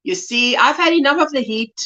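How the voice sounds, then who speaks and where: A woman's voice: high-pitched, lively intonation, a little fast, sharp tone, lo-fi sound. A woman hosting a casual livestream, bubbly and laughing often as she reads chat comments aloud. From South Africa. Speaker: livestream host.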